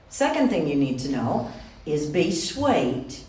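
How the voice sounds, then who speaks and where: A woman telling a personal story to a live audience in a lively, chatty way, often speaking to the crowd directly. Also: deep voice, takes it slowly. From Wisconsin. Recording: roomy hall from far off, faint room noise.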